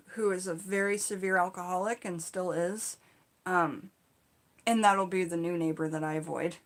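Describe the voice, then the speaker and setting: A woman casually telling personal stories in an animated, chatty way, full of "like" and "you know". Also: fairly low pitch. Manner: animated, chatty, acts out her own shouts in the retelling; frequent fillers like "like" and "you know". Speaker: storytelling channel host.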